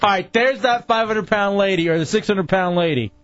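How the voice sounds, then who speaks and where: A man's voice: high voice, a little fast, fairly bright tone, lo-fi sound, a little hiss or hum. A man hosting a call-in radio show, teasing his co-host and laughing often. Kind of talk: bantering call-in talk.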